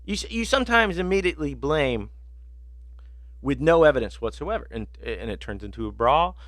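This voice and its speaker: Animated, profane male betting-show host. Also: a little high, moderate pace, no echo. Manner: rambling, profane storytelling with many fillers. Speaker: sports betting podcast host. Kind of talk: casual chat.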